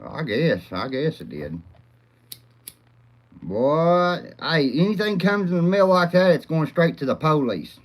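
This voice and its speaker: A man's voice: fairly high pitch, expressive, a little slow. A man hosting a rambling, profane live chat, often laughing and calling out viewers by name. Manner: crude, profane, rowdy, laughs a lot. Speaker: livestream host.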